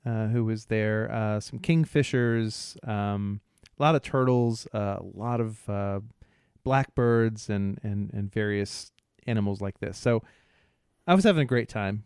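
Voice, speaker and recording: A man co-hosting a podcast, telling a rambling story in casual chat, halting often, laughing, and imitating bystanders' voices. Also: lowish voice, darkish tone, clear, resonant tone, dry recording, studio quality. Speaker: podcast co-host.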